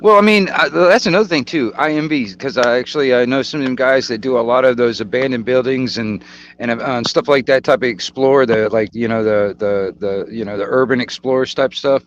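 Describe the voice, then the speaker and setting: An American man hosting a casual call, halting and filler-heavy, with slang like "dude". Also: medium pitch, dull audio, slight background noise. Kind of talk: casual chat on a video call.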